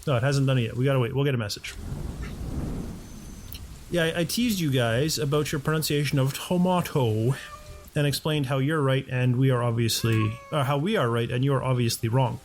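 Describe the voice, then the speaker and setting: A man's voice: medium pitch, moderate pace, slight background noise. Chatty man thinking aloud over gameplay. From North America. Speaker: let's play host. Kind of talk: casual gameplay commentary.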